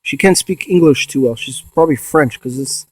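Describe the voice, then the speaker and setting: A man in a ghost box session vlog, excitedly calling out to spirits and swearing when he insists to viewers. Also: medium pitch, moderate pace, no room sound. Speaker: paranormal investigator.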